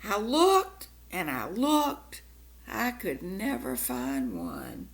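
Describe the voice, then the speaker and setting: A woman's voice: on the high side, sing-song, extremely slow, creaky, exaggerated voice. A woman reading as a firm but caring mother. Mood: calm.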